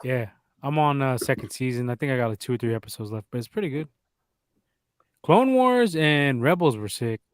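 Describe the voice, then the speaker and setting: A man talks fast with a lively, bouncing pitch, giving blunt, slangy takes in a casual podcast chat. His voice is dry and close to the mic. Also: clear, resonant tone, dry recording. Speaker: podcast co-host.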